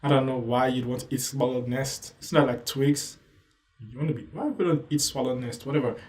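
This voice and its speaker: Casual male reviewer, mellow tone, loose asides, slightly distant mic. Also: medium pitch, fairly even intonation, a little fast, echoey room. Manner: rambling, loose, full of "you know" asides. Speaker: manga reviewer. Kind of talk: casual commentary.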